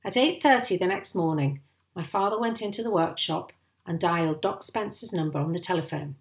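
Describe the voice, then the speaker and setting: A woman reading a children's book aloud in an expressive, animated storytelling manner. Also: on the low side, brisk. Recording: roomy echo.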